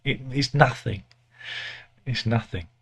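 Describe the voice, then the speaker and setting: A British man with a medium-pitched voice that is creaky, a bit bright and edged with breath gives a rambling satirical news monologue. His tone is casual and sardonic, full of self-corrections, pauses and fillers.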